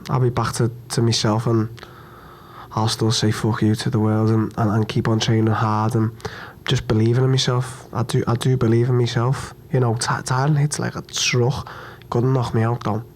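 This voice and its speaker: A young man's mid-range, slightly mellow voice comes across with a flat delivery as he answers questions post-fight. The loss has left him upset and hurt; he talks bluntly, curses, repeats himself, and keeps tripping and restarting haltingly.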